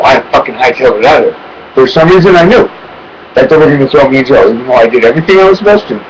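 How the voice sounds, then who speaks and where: A man's voice: mid-range voice, rapid-fire, crowd noise, low-quality recording. A man telling a personal story to his webcam in a rambling, urgent way, swearing often and repeating himself. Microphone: webcam microphone.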